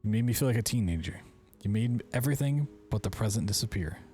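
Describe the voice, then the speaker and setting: A man's voice: lowish voice, expressive, fast talker, mellow, soft background music. A man hosting a game playthrough, reading in-game letters aloud and breaking off with wry, joking asides. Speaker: gaming video host.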